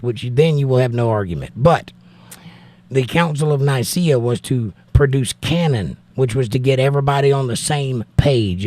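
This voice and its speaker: Male host, Southern Georgia accent, middle pitch, blunt and plain-spoken, reads chat and debates scripture. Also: darkish tone, no echo. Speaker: livestream host reading chat. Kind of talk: casual livestream chat.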